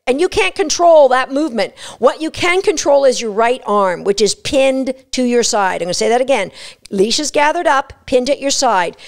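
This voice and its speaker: A woman explaining dog training step by step in an energetic, instructive way. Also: sits high, vocal fry. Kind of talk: instructional talk.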